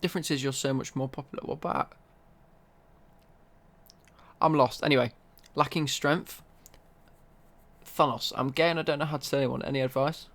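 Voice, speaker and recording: A man's voice: medium pitch, steady tone, moderate pace, long pauses, a bit bright. A young man chatting casually on a live stream while he plays, bantering and answering his chat.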